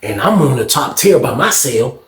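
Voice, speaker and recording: A man telling a prison story in casual talk, acting out other people's lines with shouts and slang. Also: medium pitch, normal speed, echoey room. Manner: animated, acts out shouted quotes in a raised voice; heavy profanity and slang.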